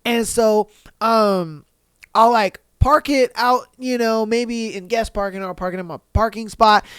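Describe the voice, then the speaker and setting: Male podcast host, casual, animated, swears freely, smooth clear voice, dry close sound. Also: sits high, measured pace, no echo. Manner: animated, swearing, acting out reactions. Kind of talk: casual podcast reading of listener posts.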